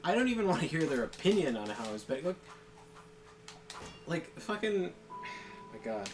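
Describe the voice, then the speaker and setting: A man rants casually in a rambling, profane way as a game plays. His pitch swings in a lively way from phrase to phrase. Game music plays steadily behind him. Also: moderate pace. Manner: profane, rambling ranting with frequent laughs. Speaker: co-host chatting during a game stream. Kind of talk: casual chat.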